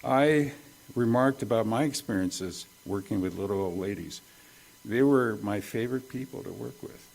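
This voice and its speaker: Male pastor, low voice, folksy conversational sermon, pokes fun at his own mistakes. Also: normal speed, creaky, a little mellow. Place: church service.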